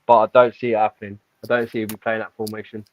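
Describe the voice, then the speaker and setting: A man's voice: on the low side, monotone, quick pace, no echo. A man hosting a casual football livestream, talking hesitantly with many fillers. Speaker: host. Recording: dull dry stream with faint music.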